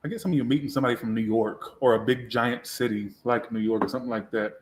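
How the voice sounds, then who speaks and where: A man does a casual live tarot reading, speaking bluntly and sassily with plenty of swearing. His voice is medium-pitched and fast, and the room he's in is echoey.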